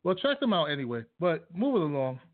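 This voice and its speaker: A man co-hosting a casual sports and music chat show, animated and laughing often. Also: fairly high pitch, fast talker. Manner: animated, laughs often, talks over his co-host. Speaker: podcast co-host. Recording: tinny phone-line sound.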